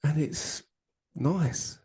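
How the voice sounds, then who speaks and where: A man's voice: a little high, drawn-out words, warm tone, breathy edge. A man co-hosting a casual drinks podcast, swearing, laughing and teasing his friend. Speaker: podcast co-host. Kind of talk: casual banter over drinks.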